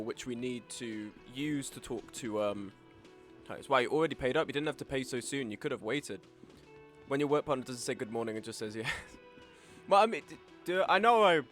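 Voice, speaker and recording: A man's voice: medium pitch, a bit bright. A young man with a sore throat streaming a game, chatting wryly and reading chat aloud while he eats. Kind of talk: casual game stream commentary.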